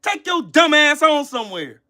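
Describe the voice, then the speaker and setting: A man ranting on a livestream. His voice sits very high and swings widely in pitch. He is heated and profane, lashing out at his viewers between sighs and mutters. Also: big pitch swings, normal speed, bright, forceful tone. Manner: heated, profane, scolding the chat. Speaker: channel host. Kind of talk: livestream commentary rant.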